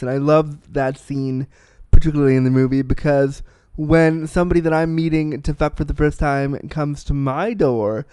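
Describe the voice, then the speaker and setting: A man in his thirties talks through a film in a loose, candid way, blunt and freely profane. His voice sits a little high for a man and comes through smooth and resonant. The sound is close and dry, with no room around it. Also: darkish tone, no echo. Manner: blunt, profane, self-deprecating storyteller. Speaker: film reviewer. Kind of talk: candid casual film review.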